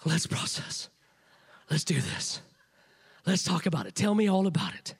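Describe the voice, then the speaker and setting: A man's voice: high voice, very animated, normal speed, gravelly, breathy edge, voice pushed down, heavily acted. A man doing eager, coaxing sympathetic friends. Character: eager consoling friends who take your side.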